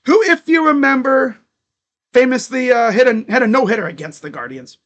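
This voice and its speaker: A man calling a ball game live as a fan from his room at home, excitable, chatting to viewers and shouting at the players. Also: very high voice. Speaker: fan streamer calling play-by-play. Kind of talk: live fan reaction and play-by-play. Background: dogs barking.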